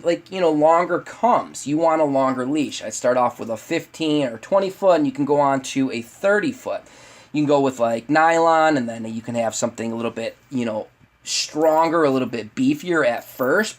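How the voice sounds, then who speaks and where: A man with a slightly high voice teaches dog owners in a loose, chatty webinar. He talks straight to the viewers and calls them "guys," stopping and restarting often. Now and then he bursts into a much higher voice to act out an excited owner. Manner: acts out lively owner voices in high pitch. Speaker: dog trainer.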